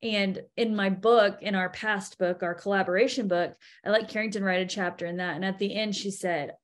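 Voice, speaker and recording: A woman in her thirties, a podcast guest, telling stories about her daughters in an animated way and acting out what people said. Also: medium pitch, a little fast. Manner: animated storytelling, acts out quotes. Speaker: podcast guest, event co-founder. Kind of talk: casual interview chat.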